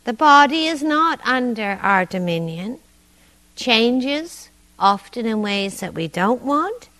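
A woman meditation teacher giving a dharma talk in a meditation hall, conversational and gently humorous. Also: on the high side, lively intonation, slow pace.

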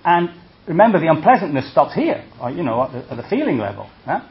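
A man's voice: a little high, fast talker, creaky, highs cut off. A man, a Buddhist monk, giving a conversational dharma talk, checking in with his listeners and acting out reactions with humor. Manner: conversational, checks in with "see?" and "okay?"; lively, acts out reactions with humor.

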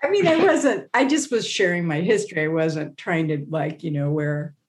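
A woman with a slightly low voice tells a story in a podcast interview. She talks in a relaxed, casual way and livens it up by acting out what others said. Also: moderate pace, over a noisy crowd. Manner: animated, acts out quotes with laughs and fillers. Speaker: interview guest, meditation teacher.

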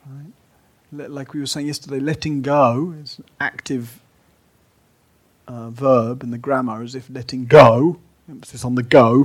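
A man leads a retreat with a gentle, unhurried dharma talk. His voice is husky and a little breathy, and he sometimes sinks to a near whisper. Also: fairly high pitch. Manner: gentle and unhurried, dropping to a soft whisper at times. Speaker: meditation teacher.

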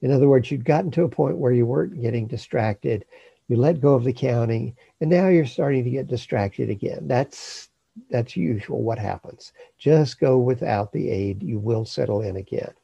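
A man teaching meditation, giving slow, calm instruction with long pauses. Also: medium pitch, gravelly, husky, no room sound, dull audio.

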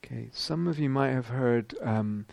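A man's voice: medium pitch, normal speed, creaky, darkish tone, dry recording. A middle-aged man giving a dharma talk as a meditation teacher, reflective and searching, with frequent ums and rhetorical questions.

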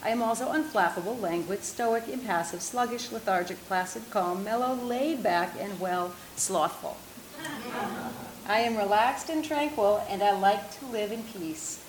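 A woman voicing a calm, unhurried male sloth from a picture book, reading his lines in a slow, serene way. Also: medium pitch, reverberant, a little hiss or hum, natural voice, low-quality recording. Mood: placid. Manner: slow, serene listing of words.

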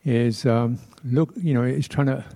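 Mellow-voiced man giving a reflective dharma talk. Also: mid-range voice, fairly even intonation. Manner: reflective, unhurried, with pauses and soft laughs; playfully imitates speech sounds. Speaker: Buddhist teacher. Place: temple hall.

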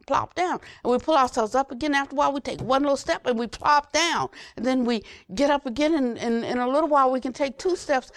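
An older woman giving an unhurried Buddhist dharma talk, repeating phrases for emphasis and trailing to a near whisper at phrase ends. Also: high-pitched, dry recording, studio quality. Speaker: Buddhist teacher.

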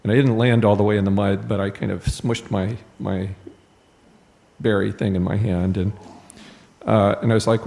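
Gravelly-voiced man sharing a story. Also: fairly low pitch, level tone, moderate pace, warm tone. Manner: rambling, self-deprecating storytelling with fillers. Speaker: retreat participant. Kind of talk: personal sharing in a group.

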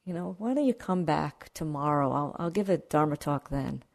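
A woman voicing a tired, gentle male spiritual teacher who answers patiently. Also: deep voice, lively intonation, normal speed, gravelly, full character voice. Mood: weary.

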